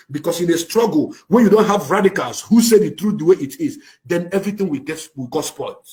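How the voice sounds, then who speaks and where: A man with a Nigerian accent delivers a fiery, impassioned rant to the camera, swinging between shouting and low, intense passages. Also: expressive, fast, few pauses. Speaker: activist speaking to camera.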